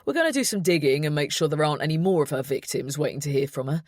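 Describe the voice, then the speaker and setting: A brisk, businesslike man, read by a woman narrator. Her voice is low and dry, close to the mic. He delivers each point plainly in this storybook reading. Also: animated, no room sound.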